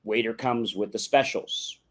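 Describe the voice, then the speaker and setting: Fairly low and a bit bright, his steady voice moves a little slowly as he hosts a motivational livestream via a livestream mic. He explains instructively, comparing yes-no questions to open ones and often asking "right?".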